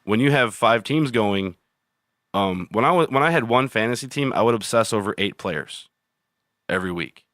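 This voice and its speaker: A man with a lowish voice talks loosely and profanely on a podcast. He rambles from one thought to the next and laughs easily. The sound is close and dry, with no room in it. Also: animated, moderate pace, a bit bright, no echo. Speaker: podcast co-host. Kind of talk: casual chat.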